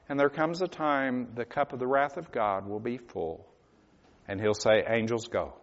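A man preaching a sermon, swinging from hushed, quiet passages to loud, pleading cries. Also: mid-range voice, normal speed. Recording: dull lo-fi recording in a reverberant hall.

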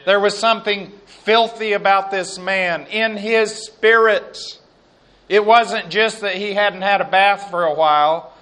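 A man preaching a sermon and reading scripture aloud, slow and emphatic, with quiet asides. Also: sits high, steady tone.

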